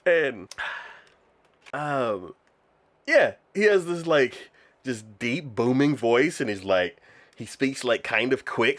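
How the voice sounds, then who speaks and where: A man's voice: a little high, sing-song, measured pace, fairly bright tone. A man co-hosting an anime podcast in casual chat, laughing often and acting out lines of dialogue. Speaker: podcast co-host.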